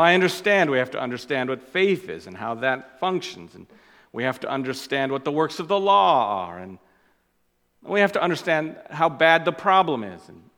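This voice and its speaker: A man preaching a sermon as pastor. He stresses and repeats key phrases, and his voice swings between loud and quiet. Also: fairly high pitch, long reverb tail.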